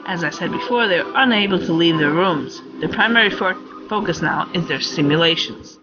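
A woman in her forties reading aloud the lines of a formal station computer guiding a robot, in a measured, instructive way. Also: lowish voice, lively intonation, lo-fi sound, lightly acted. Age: 40s. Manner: reads game text aloud, measured and instructive. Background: loud game music.

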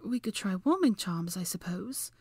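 A fretful young witch who can't help lecturing, put on by a woman reading a story aloud. Her voice is pitched up from the reader's own and sounds dry and close. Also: big pitch swings, moderate pace, a little mellow, slightly rough, no room sound. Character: anxious know-it-all young witch. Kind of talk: audiobook character voice.

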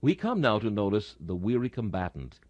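A man reading an old sermon aloud in a solemn, dramatic manner, slowing down for emphatic phrases. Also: fairly low pitch, sing-song, a little mellow, no echo.

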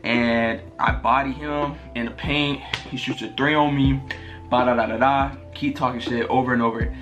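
A young man telling a fight story in an excited storytime vlog, full of slang and swearing, often jumping into high laughing squeals. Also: moderate pace. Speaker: vlogger. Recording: music playing clearly behind. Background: music.

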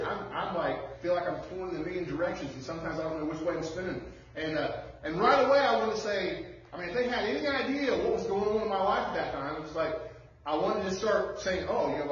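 A man preaching a sermon from some distance away, his voice bouncing around a very echoey hall. He sits a little high for a man and speaks in a conversational way, acting out bits of dialogue. The recording sounds dull and lo-fi, with a faint hum underneath. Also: fairly bright tone. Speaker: pastor.

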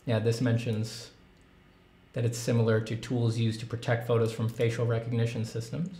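A man's voice: mid-range voice, level tone, normal speed, warm tone. A man hosting his art channel in casual livestream chat, rambling enthusiastically with many fillers. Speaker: artist and channel host.

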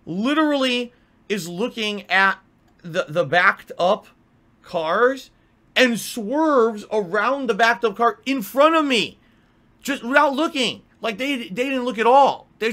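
A man telling an exasperated, profane story in an animated rant. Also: high-pitched. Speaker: vlogger. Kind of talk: ranting storytelling.

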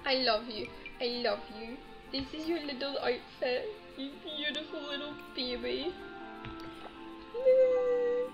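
A woman's voice: sits high, moderate pace. A young woman commenting on her gameplay in a casual chat, gushing and cooing over a pet in baby talk. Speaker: gaming YouTuber. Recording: slightly dull audio with game music.

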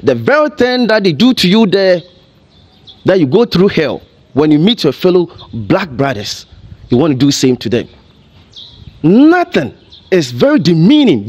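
Speaking as a TV commentator, a Ghanaian man uses a fairly high, somewhat dark-toned voice that rises and falls as he pushes one rhetorical question after another. His commentary is impassioned and openly emotional.

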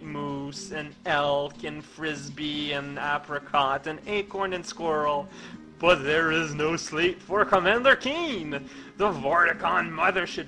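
A young man giving rambling, goofy game commentary in a deadpan way, with many stammered restarts. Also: a little high, rough recording. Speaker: let's play commentator.

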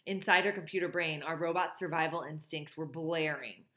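A woman with a fairly low voice reads a novel aloud and now and then stops to comment on the plot. Her voice carries a roomy echo. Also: steady tone, moderate pace, a bit bright. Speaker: reader.

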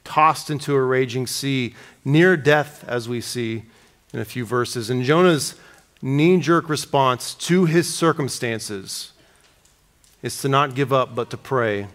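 A man preaching an expository sermon, reading scripture aloud with slowed dramatic emphasis. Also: mid-range voice, a bit bright.

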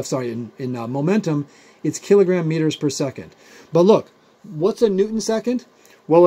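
A man explains physics in a recorded video lecture, talking in a loose, rambling way full of everyday examples. His voice sits a little high, with a husky, mellow tone. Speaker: physics teacher.

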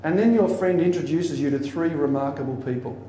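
A man's voice: fairly high pitch, brisk, recorded from a distance. Theatrical man speaking in echoey hall. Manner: theatrical, animated storytelling with mock quotes. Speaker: motivational speaker. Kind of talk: motivational talk to teachers.

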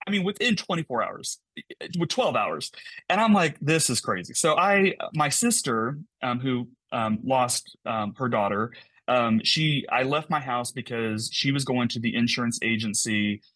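A man, a podcast guest, telling an emotional personal story in a fast, animated way, often repeating words. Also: medium pitch, dry recording.

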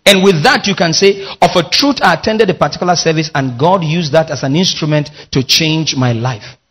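A man preaches with a raised, husky voice. He works as a pastor, leading his congregation through call-and-response lines. His delivery is emphatic. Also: a little high, brisk, a bit bright. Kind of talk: sermon.

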